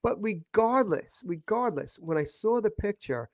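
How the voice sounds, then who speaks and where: A middle-aged man with a slightly high-pitched voice recounts a painful memory in casual conversation. He stumbles, restarts and repeats himself as emotion surfaces. The sound is dry and close to the mic. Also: lively intonation, no room sound. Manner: emotional, halting, repeats words. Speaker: guest. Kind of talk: casual podcast storytelling.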